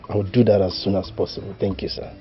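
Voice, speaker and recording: An actor playing an earnest, grateful young suitor with a Nigerian accent. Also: male voice, sits low, flat delivery, quick pace, close to an everyday voice. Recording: muffled film audio under music.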